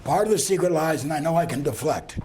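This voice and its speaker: A man's voice: fairly high pitch, animated, fast talker, darkish tone, a little hiss or hum. A man lecturing a seminar class, telling stories and acting out dialogue with frequent chuckles. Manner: storytelling, acts out dialogue, chuckles often. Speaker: lecturer on conflict talk.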